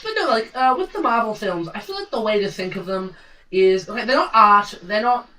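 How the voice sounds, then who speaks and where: Sardonic young man, lively and bright. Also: sits high, fairly quick. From Australia. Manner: sardonic, opinionated. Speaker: podcast co-host. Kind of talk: casual chat. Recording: distant mic, faint background hum.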